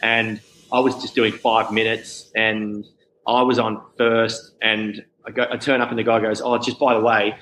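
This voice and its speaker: A man with an Australian accent, a stand-up comedian telling lively anecdotes on a podcast and acting out the people in them. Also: on the low side, normal speed, slight background noise, poor audio. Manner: animated storyteller acting out quotes with laughter. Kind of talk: storytelling anecdotes.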